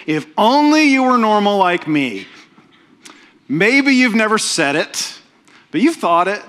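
A man's voice: high-pitched, sing-song, a little slow, fairly bright tone. A middle-aged man, preaching a sermon as pastor in a conversational, self-deprecating way, often checking in with "right?". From Oklahoma, USA.

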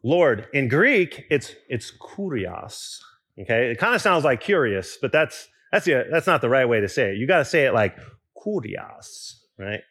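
A young man preaching a sermon in a relaxed, conversational way, with restarts and asides to the congregation. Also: medium pitch, brisk, few pauses. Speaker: pastor.

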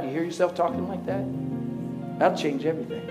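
A man preaching to a congregation, joking with the crowd and building to loud, passionate preaching. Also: on the high side, a little fast, over music. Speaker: pastor. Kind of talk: sermon.

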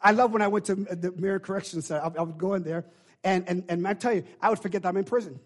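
A man preaching a sermon, calling on the congregation to answer him and building from quiet talk to loud shouting. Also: high-pitched, fairly even intonation, quick pace.

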